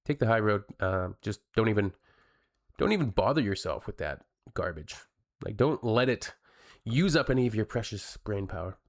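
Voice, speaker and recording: A man's voice: lowish voice, lively intonation, normal speed. A man from Canada giving casual, blunt reaction commentary and talking straight to his viewers. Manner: blunt, chatty, addresses viewers. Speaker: reaction video host.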